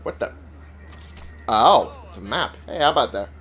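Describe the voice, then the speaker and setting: A man's voice: medium pitch, lively intonation, normal speed, a bit bright. A young man with a Texas accent doing casual, sarcastic, profane gameplay commentary. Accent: Texan. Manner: profane, sarcastic, frequent fillers. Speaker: let's play streamer.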